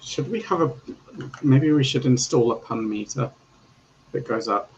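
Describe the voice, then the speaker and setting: A man's voice: mid-range voice, a little slow, a little mellow. A man chatting while he draws, with dry self-deprecating humour. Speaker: artist on the stream. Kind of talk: casual chat while drawing. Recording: dull lo-fi call audio, faint noise.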